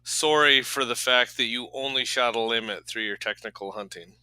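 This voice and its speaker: A man's voice: mid-range voice, steady tone, fairly quick, bright, forceful tone, clean tone, no room sound, rough recording. A man from Minnesota hosting a casual hunting podcast, upbeat and wry. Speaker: podcast host.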